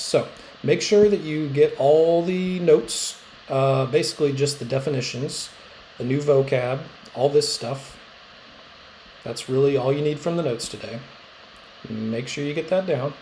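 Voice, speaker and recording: A man's voice: on the high side, warm tone, a little hiss or hum, rough recording. A male middle school social studies teacher giving a casual recorded lecture, chatty and joking, with lots of "uh" fillers and rambling asides.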